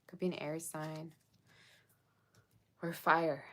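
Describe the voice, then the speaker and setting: A woman's voice: low voice, flat delivery, takes it slowly, sharp tone. A woman reading tarot for her viewers in a casual, chatty way, checking in with them often. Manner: chatty, addresses viewers with frequent "okay?". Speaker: tarot reader.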